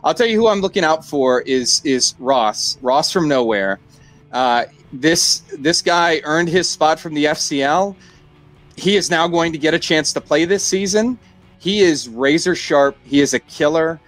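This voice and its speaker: A man's voice: fairly high pitch, measured pace, fairly bright tone. A man, a trivia competitor and new champion, chatting humbly and joking in a post-match interview. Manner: humble, joking, laughs often.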